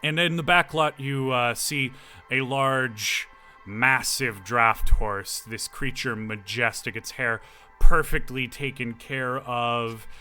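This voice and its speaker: A man's voice: medium pitch, steady tone, slow, bright, forceful tone, faint music behind. A man narrating as game master of a tabletop game, descriptive with many fillers.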